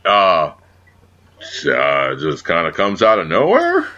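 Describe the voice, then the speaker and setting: A man co-hosting a casual wrestling podcast, talking in a profane, lively way and teasing his co-host. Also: deep voice, slow pace. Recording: dull lo-fi audio.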